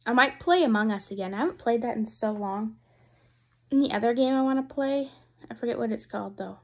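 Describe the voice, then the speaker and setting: A young vlogger talks briskly and casually at home while taste-testing, giggling and wandering off topic. Her fairly high voice has a slight hoarseness, like it's starting to give out.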